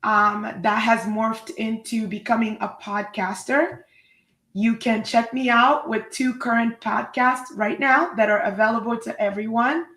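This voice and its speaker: A woman's voice: fairly high pitch, fairly even intonation, unhurried, sharp tone, reverberant, poor audio. A woman hosting a live online talk show, effusive and upbeat as she introduces her guest. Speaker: host.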